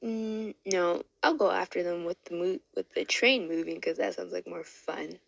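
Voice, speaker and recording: A woman's voice: lowish voice, moderate pace, creaky, no room sound, poor audio. A woman retelling the lines of a brutish male thug who kills for fun, in a casual, offhand way close to her own voice.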